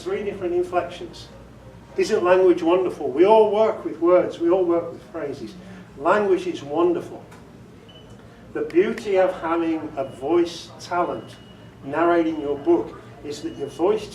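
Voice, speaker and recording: With a slightly high, darkish voice and slight background noise, a man gives a casual workshop on audiobook narration to a group in a meeting room. He's chatty, laughs at himself often and demonstrates inflections, recorded from far off in an echoey room.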